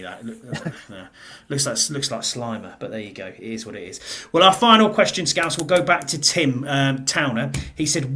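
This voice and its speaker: A man from the north of England hosting a sports podcast in an easy, chatty way, his voice sitting at an ordinary middle pitch. He reads out listener questions and often sinks lower and quieter for dry asides. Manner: chatty, drops his voice low for wry asides. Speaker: podcast host. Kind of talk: casual sports chat.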